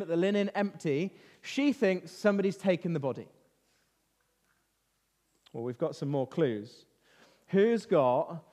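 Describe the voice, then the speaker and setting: Guy running a kids bible lesson, keeps quizzing them, highish voice, echoey church hall. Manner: lively, quizzing children with questions. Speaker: children's talk leader. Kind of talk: interactive Bible lesson for children. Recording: reverberant hall.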